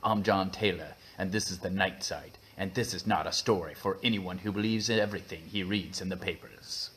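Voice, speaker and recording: Man doing a brooding Cockney private eye, mock London accent, slow theatrical reading, low voice, emphatic. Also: fairly bright tone, slight background noise. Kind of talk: dramatic book reading in a put-on accent.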